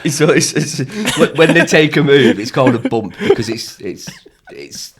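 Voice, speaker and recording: An English man co-hosts a laid-back podcast and keeps the chat loose and full of filler words. His pitch jumps around animatedly, and he laughs often. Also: very animated, unhurried, breathy edge. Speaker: podcast co-host.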